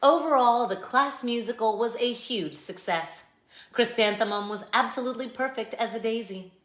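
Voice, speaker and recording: A woman's voice: on the high side, normal speed, a bit bright. A woman hosting a children's read-aloud, reading a picture book expressively and chatting with viewers between pages. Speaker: children's book reader, channel host. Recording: echoey room.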